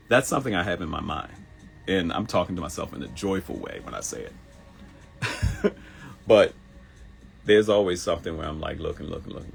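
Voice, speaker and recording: Deep gravelly dude hosting a live motivational show, super lively voice, faint music behind. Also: male voice, normal speed, pauses often. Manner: animated, laughing, mimics people in high voices. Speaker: host.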